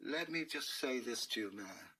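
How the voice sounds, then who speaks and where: A man's voice: mid-range voice, expressive, normal speed, bright, forceful tone, a little hiss or hum, rough recording. A man voicing a pompous, grumpy male dragon who speaks in a plummy, fussy way. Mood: threatening. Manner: plummy and fussy, then threatening.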